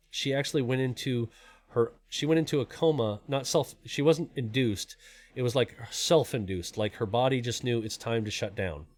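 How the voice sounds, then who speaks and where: A middle-aged man speaks to his live stream viewers in an earnest, emotional, rambling way. His voice sits at an ordinary pitch, and he talks from the heart. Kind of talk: heartfelt personal talk.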